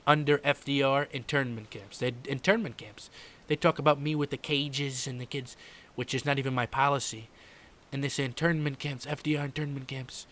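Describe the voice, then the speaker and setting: A man's voice: medium pitch, lightly acted. Man doing an impression of a brash older politician, rambling, repetitive, trailing mutters, comedy podcast, mid-range voice. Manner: rambling, repetitive, trails off quietly on "folks" and "okay".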